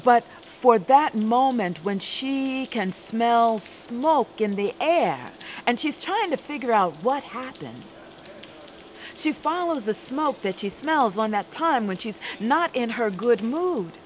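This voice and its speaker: A woman performing a spoken-word story with a deliberate, dramatic delivery and rhythmic repetition. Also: fairly high pitch, big pitch swings, slight background noise, rough recording.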